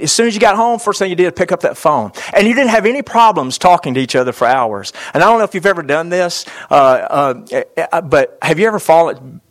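A middle-aged pastor delivers a sermon in a voice pitched a little above most men's. He talks straight at his listeners and drives points home through repetition. Small "uh" fillers run through his delivery. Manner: direct and exhortative, repeats phrases, frequent "uh" fillers.

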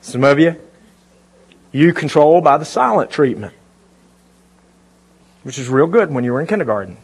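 Husky-voiced male preacher. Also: a little high, animated, moderate pace. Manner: conversational preaching with rhetorical questions to the congregation. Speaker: pastor. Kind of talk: sermon. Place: church before a live congregation.

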